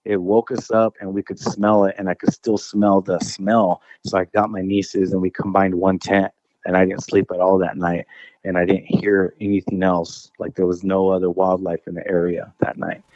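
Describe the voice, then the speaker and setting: Low-voiced man telling a rambling story. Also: level tone, normal speed, a little mellow, dry recording, lo-fi sound. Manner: rambling, restarts phrases, says dude and bro. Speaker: guest telling an encounter story. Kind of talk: casual storytelling.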